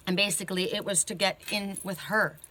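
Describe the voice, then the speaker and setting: A woman's voice: medium pitch, steady tone, a little fast, pushed and bright, slight background noise. A woman giving an oracle card reading, who tells the story in a rambling, casual way. She keeps restarting her sentences and tags them with "you know" and "right?". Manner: self-interrupting, restarts her sentences often.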